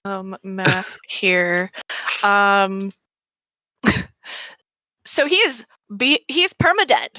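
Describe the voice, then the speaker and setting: A woman's voice: mid-range voice, very slow, long pauses, bright, forceful tone, dry recording, rough recording. A woman narrating as game master for a tabletop game, who swears casually and laughs often.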